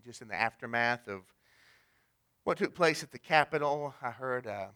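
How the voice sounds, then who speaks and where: A man preaching a sermon in a conversational way, swinging from loud emphasis to hushed asides and talking directly to the congregation. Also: mid-range voice, expressive, moderate pace. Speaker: pastor.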